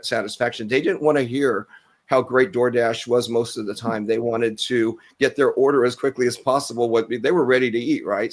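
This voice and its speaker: A man speaking as an expert on a panel discussion, measured and explanatory, pausing often on "um". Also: mid-range voice. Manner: measured, explanatory, with frequent "um" pauses.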